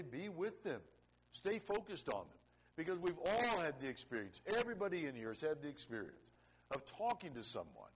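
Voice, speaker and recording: A middle-aged man preaching a sermon, earnest, swinging between loud emphasis and quiet, low-voiced stretches. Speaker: pastor.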